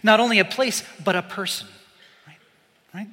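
A man preaching a sermon, animated, swinging from loud emphasis to hushed, slow asides. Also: sits high, long reverb tail.

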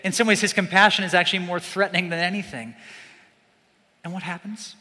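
High bright preacher guy, goes loud then hushed, big echoey hall sound. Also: fairly quick. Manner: animated, swings from loud emphasis to hushed asides. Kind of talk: sermon.

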